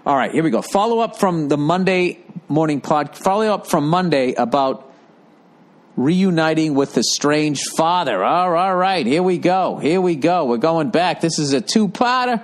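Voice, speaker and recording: A man's voice: a little high, expressive, moderate pace. A man in his fifties, a comedian, hosting a casual podcast monologue in a rambling, profane, blunt way. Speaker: podcast host and stand-up comedian. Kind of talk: casual podcast monologue, reading listener mail.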